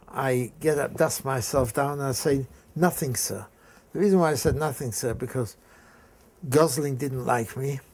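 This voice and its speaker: Older english-raised guy telling an old story, gravelly voice, stops and restarts a lot. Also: mid-range voice, darkish tone. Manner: halting storytelling with frequent restarts. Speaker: interviewee. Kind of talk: recounting a memory in an interview. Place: indoor room.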